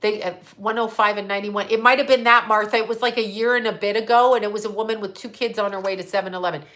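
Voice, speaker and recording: A woman's voice: mid-range voice, fairly even intonation, fast talker, a bit bright. A middle-aged woman from Canada hosting a psychic livestream, ranting bluntly with heavy swearing and answering viewer comments. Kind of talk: livestream monologue.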